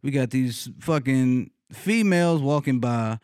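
A man casually telling a funny personal story, cursing freely, laughing often and leaping up in pitch when he retells his reactions. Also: expressive, measured pace, a little mellow, clean tone, no room sound, studio quality. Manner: laughs often mid-sentence.

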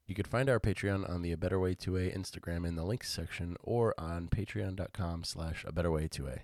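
A congested man with a deep voice gives a friendly, upbeat sponsor read for his podcast. The sound is dry and close. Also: fairly quick, a little mellow, no echo. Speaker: podcast host reading an ad.

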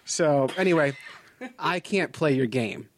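A man co-hosting a casual talk show, telling stories in an animated way and laughing often. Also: fairly high pitch, measured pace, no room sound. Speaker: co-host. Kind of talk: casual chat.

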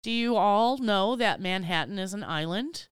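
A woman's voice: mid-range voice, expressive, normal speed, clean tone, dry recording, studio quality. A woman co-hosting a casual podcast, talking bluntly, laughing and swearing offhandedly. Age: adult, married. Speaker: podcast co-host. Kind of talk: casual chat.

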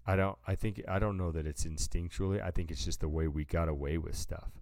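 A man's voice: low-pitched, steady tone, a little fast, vocal fry, darkish tone, no echo, studio quality. A man co-hosting a podcast in casual chat, rambling through stories and acting out what people said. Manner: rambling storyteller, acts out quotes, says "dude". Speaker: podcast co-host.

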